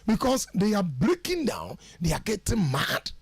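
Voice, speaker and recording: A man speaking as a guest on a radio show, giving lively, preachy advice on how to order your life and mixing English phrases into his speech. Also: sits high, moderate pace. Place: radio studio.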